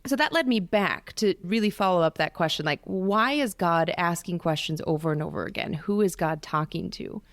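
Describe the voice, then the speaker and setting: A woman biblical scholar in casual panel talk, lively and dramatizing quotes with sudden jumps in pitch. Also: moderate pace, hardly any pauses, no echo, studio quality. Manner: animated, acts out quoted voices with big pitch jumps.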